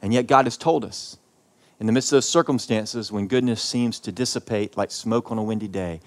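Preaching man with wide swings in loudness. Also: fairly low pitch, brisk. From American South. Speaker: pastor. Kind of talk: sermon.

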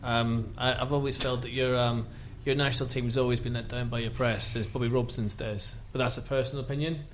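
A man's voice: mid-range voice, fairly even intonation, a little fast, slight background noise. A man from Northern Ireland hosting a casual interview, speaking hesitantly with many fillers.

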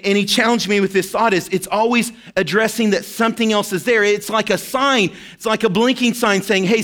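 A man's voice: sits high, a bit bright. A man, likely in his thirties, preaching a sermon in a conversational, storytelling way, often checking in with "right?". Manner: conversational, personal storytelling with frequent "right?" asides. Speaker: pastor.

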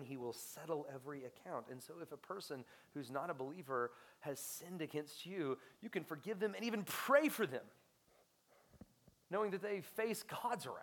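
A young adult man preaching a sermon as pastor, passionate, rising to loud emphasis and dropping to hushed near-whispers. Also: fairly high pitch.

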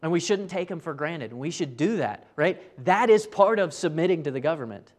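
Preacher with a higher voice. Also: male voice, expressive, normal speed. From United States. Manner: tags many sentences with "right?"; casual, earnest storytelling. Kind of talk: conversational sermon.

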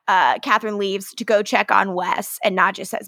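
A woman's voice: medium pitch, steady tone, normal speed, gravelly, bright, forceful tone, no echo, studio quality. A woman co-hosting a podcast, recapping a TV show in a chatty, giggly way and acting out characters. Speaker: podcast co-host. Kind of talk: casual TV recap chat.

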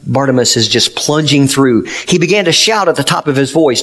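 A man's voice: mid-range voice, expressive, brisk, fairly bright tone. A man pastor preaching a sermon, retelling a story earnestly with emphatic, plain-spoken applications.

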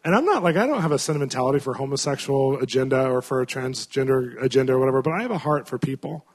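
This man is a pastor storytelling from the pulpit, earnest and conversational, with plenty of fillers and restarts. His voice is mid-range with lively intonation, and he moves at a quick pace.

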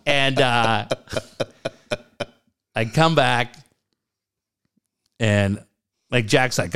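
A middle-aged man in a casual chat, telling stories with lots of swearing and loud quoted voices. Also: medium pitch, expressive, slow, pauses often, clear, resonant tone. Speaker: storyteller in a chat.

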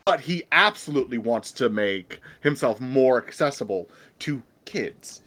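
A man in casual chat about films, animated and stumbling over quick restarts. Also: mid-range voice. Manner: animated, stammers through restarts.

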